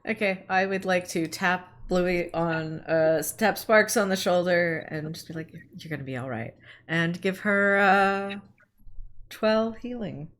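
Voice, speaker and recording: A woman playing a tabletop game, soft-spoken and a bit hesitant. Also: fairly low pitch, measured pace. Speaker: player. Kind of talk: casual tabletop play.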